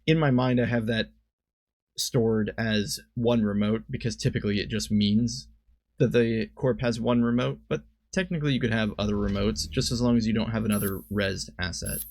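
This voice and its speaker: Man, gravelly, low-pitched, casual card game commentary, corrects himself often, dry sound. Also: fairly even intonation, normal speed, a little mellow, no echo. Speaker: streamer and commentator.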